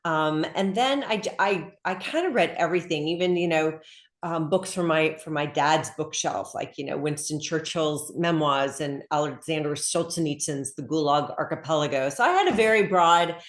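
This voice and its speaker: A woman's voice: deep voice, normal speed. Chatty middle-aged woman in an echoey room. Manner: chatty and animated, many fillers and laughs. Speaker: author guest. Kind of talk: casual interview chat.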